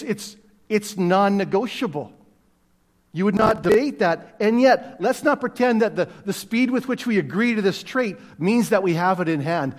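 A middle-aged male pastor with a fairly high voice preaches to his congregation in a relaxed, storytelling way, slipping in self-deprecating jokes. His words ring out with a long reverb from the church hall. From Canada. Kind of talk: sermon. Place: church sanctuary.

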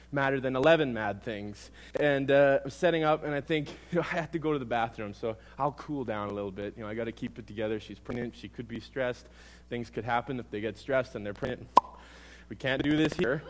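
A young man preaching a sermon, telling a comic personal story in an animated, self-mocking way. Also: a little high.

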